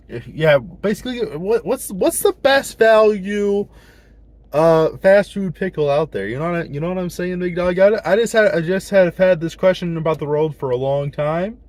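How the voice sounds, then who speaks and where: A young man talks straight to his viewers in a loose, rambling way. He tosses in slang and stumbles over restarts. His voice sits a little on the high side. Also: a little mellow, no echo. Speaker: vlogger. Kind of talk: casual vlog chat.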